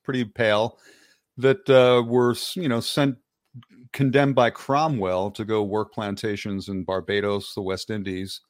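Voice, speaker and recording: Guy with a lowish voice rambling on a podcast, lots of restarts, dry close mic. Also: flat delivery, a little slow, no room sound. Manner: rambling, digressive, with frequent restarts. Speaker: guest author. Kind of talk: casual podcast conversation.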